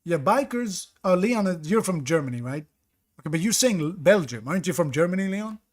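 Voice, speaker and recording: A man with a fairly high voice streams a geography guessing game. He reasons out loud and second-guesses himself. He chats casually with his viewers between guesses. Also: expressive, moderate pace. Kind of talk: live-stream commentary reading chat.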